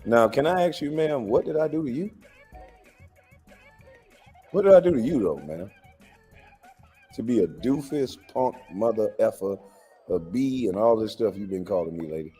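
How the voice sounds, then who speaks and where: A man's voice: fairly low pitch, lively intonation, moderate pace, pauses often, warm tone, in a large hall, soft background music. A man hosting a livestream, reacting to clips in a casual, incredulous and lecturing way with lots of rhetorical questions. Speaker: livestream host.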